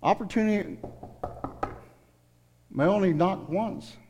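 A man's voice: sits high, slow pace, darkish tone, slight background noise. A middle-aged man preaching a sermon to his congregation, earnest and emotional, appealing directly to his listeners. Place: church sanctuary. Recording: long hall reverb.

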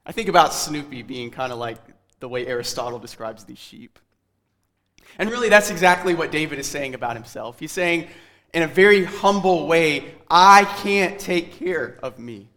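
A man preaching a devotional sermon in a measured, reflective way, letting his phrases trail off softly. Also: fairly high pitch, lively intonation, big-room sound.

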